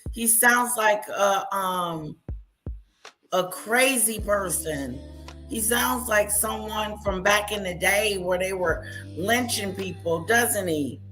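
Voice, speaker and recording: A woman's voice: medium pitch, slow, fairly bright tone, soft background music. A woman hosting a live reaction stream, commenting on news clips in an indignant, mocking way and repeating lines back. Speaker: livestream commentator.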